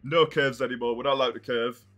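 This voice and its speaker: A man's voice: mid-range voice, fairly even intonation, fast talker, a bit bright, faint music behind. A young man reacting on a live stream, exasperated and swearing as he thinks aloud.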